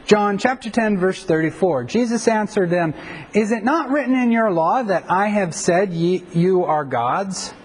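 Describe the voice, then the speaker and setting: High-voiced male pastor teaching. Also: lively intonation, a little slow, breathy edge, low-quality recording. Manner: conversational, frequent fillers and self-corrections. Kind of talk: Bible teaching lecture.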